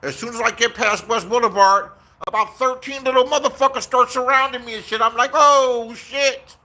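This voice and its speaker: Recorded outside for his casual vlog, this Inglewood, Los Angeles YouTuber in his sixties spins profane, wandering stories and performs the voices of people he quotes. He speaks fairly quickly in an extremely high, sharp voice with a steady tone.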